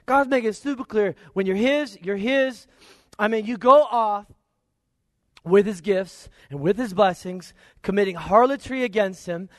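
High-voiced man preaching a lively sermon. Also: normal speed, dry recording, studio quality. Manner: conversational, lively, with playful asides and quoted voices.

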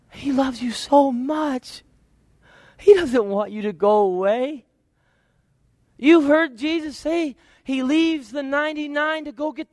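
A man preaching a sermon in a conversational, lively way, with playful asides and quoted voices. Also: high-pitched, no echo.

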